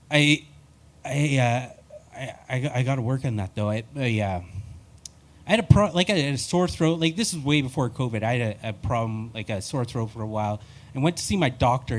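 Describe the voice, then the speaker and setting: A man doing a live stand-up set, telling rambling, wry and self-deprecating stories. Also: medium pitch. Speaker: stand-up comedian.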